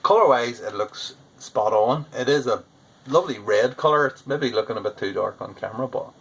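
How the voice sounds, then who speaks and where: A man's voice: mid-range voice, lively intonation, a little fast, gravelly, fairly bright tone, rough recording. A man chatting casually through a home-brewing vlog, rambling and poking fun at himself. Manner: chatty, rambling, self-deprecating. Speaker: homebrewer.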